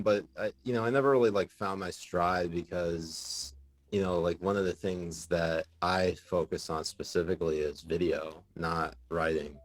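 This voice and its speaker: A man in a casual podcast interview, telling stories with lots of fillers and bursts of laughter. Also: deep voice. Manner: animated, laughing storyteller with many fillers. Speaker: podcast guest, journalist.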